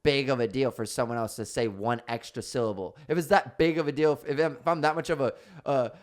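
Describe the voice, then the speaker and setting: A young man co-hosting a podcast, chatting casually, animated and argumentative, quick to tease. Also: mid-range voice. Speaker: podcast co-host.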